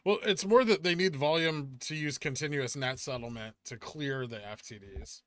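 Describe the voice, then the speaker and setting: A man's voice: on the high side, normal speed, fairly bright tone, no echo. A man hosting a casual livestream, answering viewer chat questions in a laid-back, offhand way. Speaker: livestream host reading chat.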